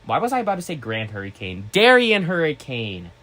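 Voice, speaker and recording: A little fast this time, the vlogger addresses his viewers casually with a voice that swings wildly and energetically in pitch. His talk meanders, he keeps starting over, and he suddenly shouts.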